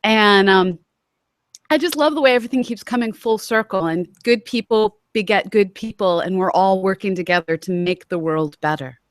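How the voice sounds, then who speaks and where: A woman from Massachusetts hosting a chatty talk show, quick to jump in with jokes. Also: mid-range voice, dry recording. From Massachusetts, USA. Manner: chatty, quick to joke and interject. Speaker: host. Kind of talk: casual conversation.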